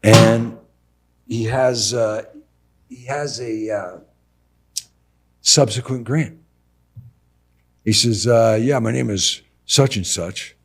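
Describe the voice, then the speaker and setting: A man's voice: mid-range voice, takes it slowly, long pauses, breathy edge. A middle-aged man, a contractor on a podcast, telling stories casually and acting out both sides of conversations with slangy asides. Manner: animated, acts out dialogue, slangy with "bro" and "dude". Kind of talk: casual storytelling interview.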